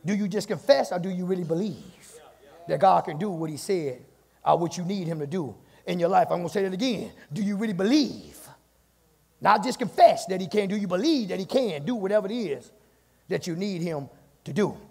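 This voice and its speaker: A male pastor preaching a fiery sermon, punctuating lines with "my God" and swinging between shouts and hushed passages. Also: high-pitched, animated, fairly quick, vocal fry, breathy edge, in a large hall. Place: church sanctuary.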